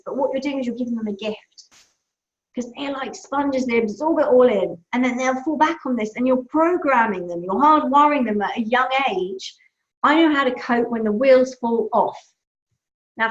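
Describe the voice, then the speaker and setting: A woman, a breakup coach, giving upbeat advice in a live question-and-answer talk, telling stories with acted-out voices. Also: on the high side. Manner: animated, storytelling with acted-out voices. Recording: echoey room, dull lo-fi sound.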